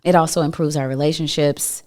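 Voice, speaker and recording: A middle-aged woman from the United States, a guest telling a story in a lively way and acting out the voices of the people in it. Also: deep voice, fairly quick. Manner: animated storyteller who acts out quoted voices. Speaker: guest, breathing educator. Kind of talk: conversational storytelling.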